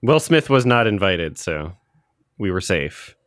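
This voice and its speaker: A man with a very low, smooth, resonant voice, trading dry sarcastic remarks in a casual podcast chat. The sound is close and dry, with no room around it. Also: big pitch swings, measured pace, no echo. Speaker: podcast co-host.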